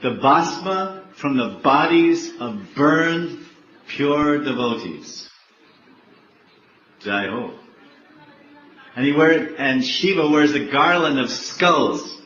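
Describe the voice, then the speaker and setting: A monk giving a sermon, telling a story with lively questions to the audience and acting out its characters. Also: male voice, medium pitch, takes it slowly, pauses often, a little hiss or hum. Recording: echoey, dull room recording.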